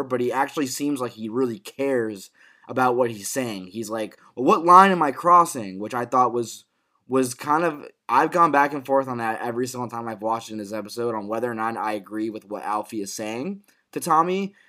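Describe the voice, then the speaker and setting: A man co-hosting a casual podcast, recapping a TV episode in an excitable, profanity-laced way with frequent restarts. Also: medium pitch, a little fast. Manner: excitable, swears freely, restarts phrases often. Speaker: podcast co-host.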